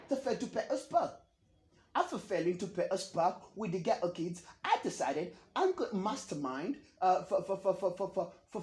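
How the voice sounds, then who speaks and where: A bragging young man , as a comedian puts him on, rambles on about his own greatness, repeating himself over and over. His pitch swings lively up and down. The voice rings in a roomy, echoey space. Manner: rambling, boastful, repeats words. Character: boastful young Ugandan man bragging of football fame. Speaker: comedian doing an impression. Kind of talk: comedy parody monologue. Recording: roomy echo.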